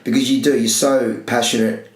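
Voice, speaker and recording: A man's voice: mid-range voice, little pitch movement, moderate pace. A young man, a running coach, chatting casually on a podcast in a loose, rambling, self-correcting way. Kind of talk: casual chat. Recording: echoey room.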